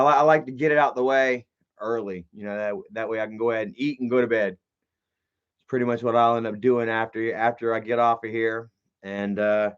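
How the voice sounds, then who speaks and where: A man's voice: mid-range voice, fairly bright tone, clear, resonant tone. A man hosting his own live stream, chatting loosely and profanely with lots of fillers and asides to his viewers. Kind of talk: rambling casual live stream chat. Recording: dull lo-fi stream audio.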